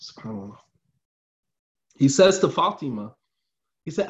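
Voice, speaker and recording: A man's voice: high-pitched, animated, fairly quick, a bit bright, highs cut off. A man telling a religious story in a casual, slangy lecture style, repeating lines for emphasis.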